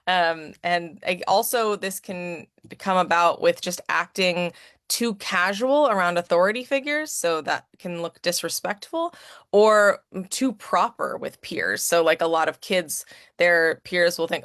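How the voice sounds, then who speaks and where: Woman with a lowish voice presenting. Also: normal speed, fairly bright tone, dry recording, clean studio sound. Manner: conversational, often asking "right?". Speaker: autism advocate and educator. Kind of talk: presentation talk with slides.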